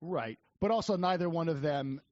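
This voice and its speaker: A podcast co-host chats casually about politics, full of restarts and fillers. His voice is on the high side and a little mellow, at normal speed, recorded dry with a dull lo-fi sound and no room echo.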